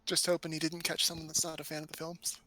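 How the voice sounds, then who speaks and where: A man's voice: on the high side, completely flat delivery, fast, sharp tone, a little hiss or hum. A man playing a tabletop game, laying out his plans at length. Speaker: player. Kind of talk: casual tabletop play.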